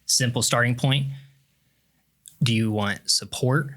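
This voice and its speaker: A man from Kansas, a mindset coach guest, explaining his methods in an earnest, measured way during a casual podcast interview. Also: medium pitch, fairly even intonation, a bit bright.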